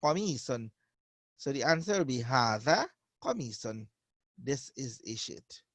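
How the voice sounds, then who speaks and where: A man teaching a beginner Arabic class, patiently repeating each phrase slowly for his learners. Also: mid-range voice, very animated, a bit bright, no echo. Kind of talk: online beginner language lesson.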